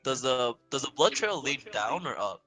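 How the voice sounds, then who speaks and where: A man's voice: mid-range voice, animated, moderate pace, pushed and bright, soft background music, poor audio. A young man playing a tabletop game with friends, talking hesitantly and stammering now and then. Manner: hesitant, stammering, laughs a lot. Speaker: player. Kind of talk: casual tabletop game play.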